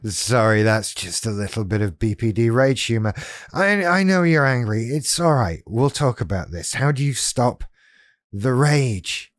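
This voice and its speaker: The host of a YouTube channel on living with BPD talks casually to camera, wry and self-deprecating as he addresses the viewer. His mid-range voice is expressive and measured in pace, captured in studio quality with no echo.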